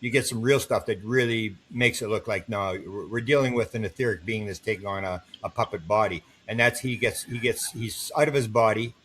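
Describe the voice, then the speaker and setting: A man's voice: on the low side, a little fast, few pauses, slight background noise. An older man, a guest on an interview podcast, telling long stories and acting out the voices of the people in them. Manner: animated storyteller, acts out quoted voices.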